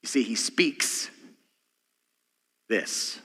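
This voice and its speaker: A man, a senior pastor, preaching a sermon and swinging between loud emphatic lines and quiet, almost whispered asides. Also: medium pitch, animated, drawn-out words, husky. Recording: church hall reverb.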